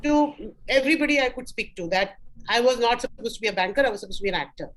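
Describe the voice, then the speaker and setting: A middle-aged woman with an Indian English accent, a guest telling animated stories in an interview and acting out quotes. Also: on the high side, fast, rough recording. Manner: animated, acts out quotes, laughs often. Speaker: guest, actor and former banker. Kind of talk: interview storytelling.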